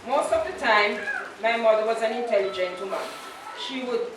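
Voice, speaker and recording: Jamaican woman, 50s, eulogy, fairly high voice, very echoey church, distant mic. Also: normal speed, noisy background. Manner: anecdotal storytelling, slips into patois quotes. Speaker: eulogist, daughter of the deceased. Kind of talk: funeral eulogy. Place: large church.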